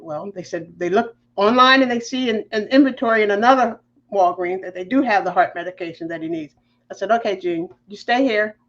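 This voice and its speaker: A woman telling a personal story with strong feeling. She speaks at a middle pitch, and her voice jumps up when she gets worked up. The audio is a little dull and muffled. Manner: animated, emotional, faith-filled storytelling. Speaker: podcast guest.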